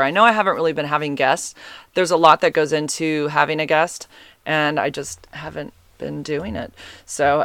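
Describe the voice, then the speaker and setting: Female solo podcast host, casual and chatty, bright tone, dry recording. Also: sits low, no echo. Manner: rambling and animated, heavy on "like" and "um".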